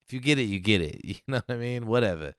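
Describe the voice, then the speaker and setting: Animated swearing male podcast co-host. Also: mid-range voice, fast talker, no echo, clean studio sound. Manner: animated, swearing, laughs often. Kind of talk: casual podcast chat.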